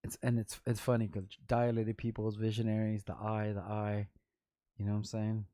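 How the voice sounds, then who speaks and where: A man's voice: lowish voice, moderate pace, no room sound. Rambling, slangy man telling stories. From Los Angeles. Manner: rambling, slangy, animated storytelling with restarts and quoted voices. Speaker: vlog host, rapper. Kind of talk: casual storytelling vlog.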